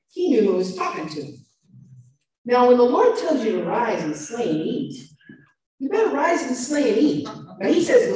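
A woman's voice: fairly high pitch, moderate pace. Preaching woman in an echoey room. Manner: animated, shifting loud and soft emphasis. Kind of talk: sermon. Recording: echoey room, mic far off.

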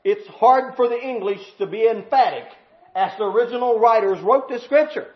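A man preaching a sermon in a folksy, drawling way, swinging from loud shouting to low murmured prayer. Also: moderate pace, highs cut off.

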